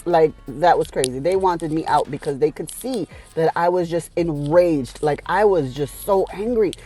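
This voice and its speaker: A woman vlogger candidly retelling an upsetting experience in a casual storytelling vlog. She talks emotionally, swears, and pauses now and then to collect herself. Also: low-pitched, dark tone, husky, low-quality recording.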